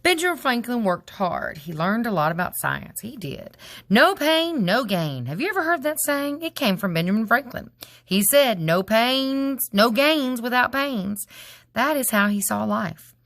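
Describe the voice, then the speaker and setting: A woman's voice: on the high side, sing-song, measured pace, fairly bright tone, no echo. A woman teacher going over worksheet answers, patient and encouraging, sounding out words syllable by syllable.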